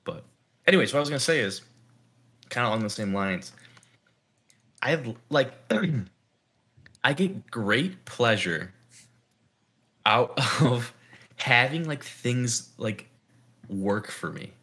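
A man's voice: medium pitch, lively intonation, takes it slowly, pauses often, pushed and bright. A young man co-hosting a casual podcast chat, rambling and thinking aloud with lots of "like". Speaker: podcast co-host.

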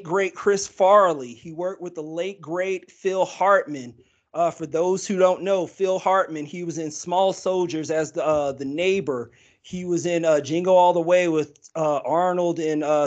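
A man co-hosting a podcast, talking casually and rambling with many fillers and restarts. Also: high voice. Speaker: podcast co-host. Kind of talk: casual chat.

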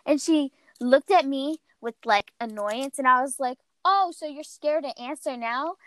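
Young woman on a podcast, high voice, super animated storytelling, dry close mic. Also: normal speed, few pauses, no room sound, poor audio. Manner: animated storytelling, acts out quotes. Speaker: podcast host. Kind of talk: casual chat.

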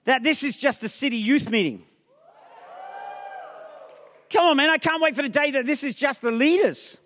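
A man with a strikingly high voice preaches a lively sermon as a pastor, firing questions and calls at the crowd and slipping in jokes. His voice rings out with the long reverb of a big theatre hall. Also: normal speed, slight background noise. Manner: humorous asides.

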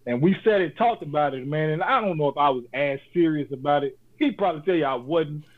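A man's voice: on the high side, fast. A man co-hosting a casual podcast, talking in a laid-back, joking way and giving motivational advice. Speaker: podcast co-host. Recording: phone-like lo-fi audio.

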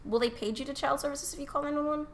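A woman's voice: sits high, very fast, a bit bright, slight background noise. A woman co-hosting a podcast, chatting casually with profanity and jokes, and reading quoted passages aloud. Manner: profane, jokey, acts out bits. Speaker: podcast co-host.

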